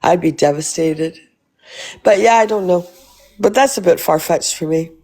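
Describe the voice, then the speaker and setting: A woman's voice: on the low side, normal speed, darkish tone. A woman hosting a casual livestream, blunt and swearing freely as she asks rhetorical questions. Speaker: livestream host.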